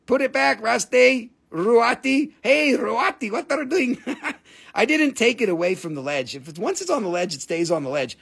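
Playful, profane live-sale host; man with a high, gravelly voice and broken English. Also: expressive, normal speed, a bit bright. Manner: non-native, broken English. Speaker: host and rock seller. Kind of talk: live sales stream.

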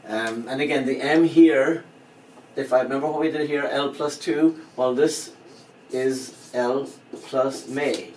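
A man's voice: medium pitch, fairly even intonation, moderate pace, a little mellow, distant mic. A man giving an informal language lesson, who explains patiently, repeats each phrase and spells out words letter by letter. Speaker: language teacher. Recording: echoey room, voice from off-mic, faint background hum.

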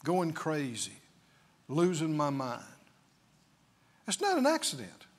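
Preacher guy, high voice, swoops all over, takes his time, keeps asking the crowd questions. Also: huge pitch swings, slow pace. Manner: emphatic, with rhetorical questions. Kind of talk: sermon.

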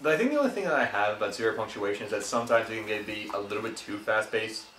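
A man's voice: on the low side, expressive, fairly bright tone. A young man with an American accent, joking and rambling through casual gaming chat as host. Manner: joking, rambling, quick laughs. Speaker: let's play host. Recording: roomy distant mic with noise.

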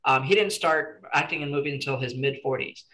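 A man's voice: mid-range voice, brisk, sharp tone, low-quality recording. A man teaching a casual screenwriting workshop to a small group, chatty and encouraging with lots of "you know"s.

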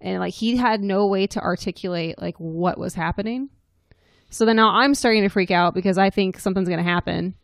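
A woman co-hosts a casual podcast in a fairly low voice, animatedly retelling events with quoted back-and-forth. The recording is dry and close-miked. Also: fairly even intonation, brisk, no room sound. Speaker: podcast co-host.

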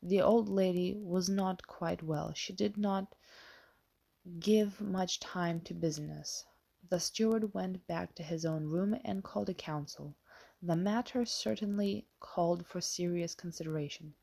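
Woman audiobook narrator, low, slow and mellow, measured reading with small self-corrections. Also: creaky. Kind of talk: scripted narration.

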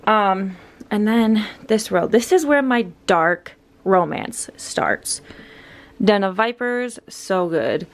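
Out of breath, this twenties-aged vlogger keeps things chatty and cheerful, leaning heavily on fillers. She has a mid-range voice with lively intonation and takes her time. The clip moves from her car to her home, where she stands by a bookshelf.

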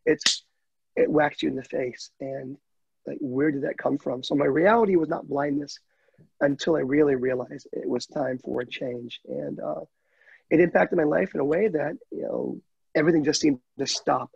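Husky, gravelly man telling his story. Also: fairly high pitch, moderate pace, darkish tone, no echo, muffled recording. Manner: heartfelt, candid, chokes up at times. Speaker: guide dog client telling his story. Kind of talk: emotional interview storytelling.

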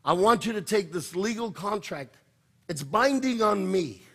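Preacher doing God: a high, measured male voice, insistent and commanding, kind underneath. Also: animated, sharp tone, exaggerated voice. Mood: reassuring. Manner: urgent, insistent exhortation. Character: God, a commanding yet reassuring male divine voice.

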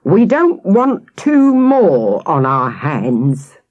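A woman's voice: medium pitch, sing-song, takes it slowly, darkish tone, no room sound, muffled recording, pitched above the performer's own voice. A woman reading a storybook, voicing a stern, suspicious adult policeman who speaks through gritted teeth. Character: menacing, gruff grown-up policeman.

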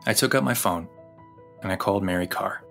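A man with a lowish voice tells a personal story as a podcast host, intimate and confessional. He slows down on the phrases that matter most. Faint music plays underneath. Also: vocal fry, fairly bright tone. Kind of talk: personal narration over music.

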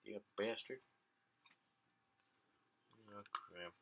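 A man giving casual gameplay commentary, jumping between low muttering and high excited yelps and swearing often. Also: extremely slow, creaky, highs cut off, a little hiss or hum.

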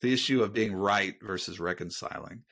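A man's voice: lowish voice, normal speed, gravelly, a bit bright. Earnest reflective man, podcast guest. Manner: earnest, reflective, faith-based talk. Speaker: guest author. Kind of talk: conversational podcast interview.

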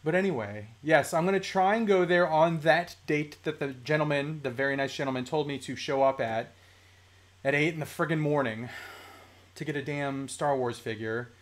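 A live-stream host talking casually about toy collecting at a home desk mic, chatty, mildly profane and quick to laugh. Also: medium pitch. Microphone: desk microphone.

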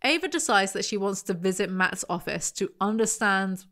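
A woman's voice: medium pitch, animated, normal speed, a bit bright. Sardonic woman reviewer, reads a novel aloud and cuts in with dry, sweary jabs. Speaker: book reviewer. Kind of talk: reading aloud with mocking commentary.

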